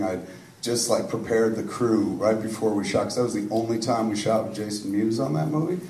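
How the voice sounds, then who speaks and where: A man's voice: on the low side, a little mellow, a little hiss or hum. A man, answering audience questions in a rambling, profane, self-deprecating storytelling style. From suburban New Jersey. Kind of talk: live Q&A storytelling. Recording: echoey room from a distant mic.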